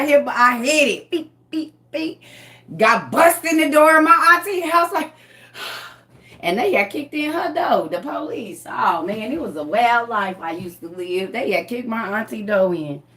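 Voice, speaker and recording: A woman telling viewers a personal story in casual, animated, emphatic speech full of slang. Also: on the high side, moderate pace.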